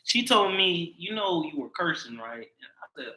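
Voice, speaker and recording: A man's voice: on the high side, sing-song, moderate pace, sharp tone. A young man co-hosting a podcast, laid-back and laughing often as he trades stories in casual chat. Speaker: podcast co-host. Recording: echoey room.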